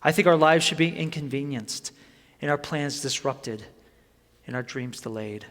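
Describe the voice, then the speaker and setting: A man's voice: on the high side, moderate pace, a bit bright. A man preaching a sermon in an earnest, conversational way that builds to emphatic points. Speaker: pastor. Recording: long hall reverb.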